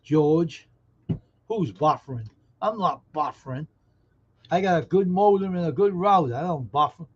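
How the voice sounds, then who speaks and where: A folksy host from the American South runs a live stream at home, joking with viewers and reading what they post. His voice is on the high side, expressive, and moderately paced, with slight background noise in dull lo-fi stream audio.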